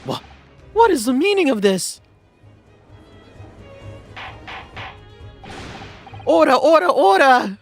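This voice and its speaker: A man voicing a fussy, flustered old male judge in a pompous, shrill courtroom manner while reading game dialogue. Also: sing-song, moderate pace, soft background music, full character voice.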